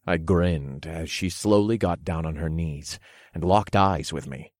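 A man narrating an erotic audiobook in the first person, calm and commanding. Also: low-pitched, a little slow, no room sound, studio quality.

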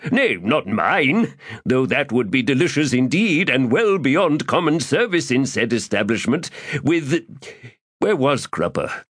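A flowery, self-important schemer holding court at a tavern table, as a man voices him in an audiobook. His pitch swoops and dances through long archaic phrases, and the sound is close and dry. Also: big pitch swings, measured pace, a bit bright, husky, dry recording, heavily acted. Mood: theatrical. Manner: grandiloquent archaic speech, refers to himself in third person. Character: pompous, florid, chubby male schemer. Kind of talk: audiobook character voice.

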